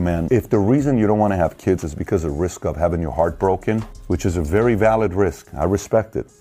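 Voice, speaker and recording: With a low, warm voice, a forties-aged show host gives emphatic, opinionated commentary, peppering the listener with rhetorical questions.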